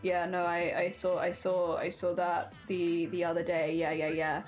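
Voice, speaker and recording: A laid-back, mumbling chatter, as a British woman puts it on drops her voice low and drawls repeated fillers without much energy. Faint music sits behind. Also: completely flat delivery, normal speed, darkish tone, natural voice. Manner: lazy, repetitive filler talk.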